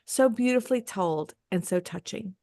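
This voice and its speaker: A woman's voice: mid-range voice, animated, normal speed, no echo. Effusive woman moderating a panel, dry sound. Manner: warm, effusive, emotional.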